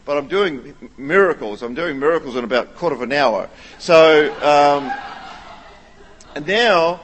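A man in his thirties preaching a sermon as a pastor, telling stories animatedly and at times rising almost to a shout. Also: fairly high pitch, slight background noise. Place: large church hall. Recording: long reverb of a large hall.

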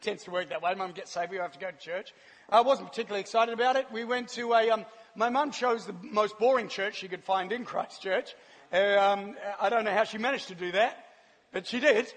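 A man with a New Zealand accent preaches and tells his own story in an animated, laughing way. His voice sits high and sounds husky. It rings out with a long reverb, as if in a large hall. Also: a little fast. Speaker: church speaker. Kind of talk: sermon with personal testimony.

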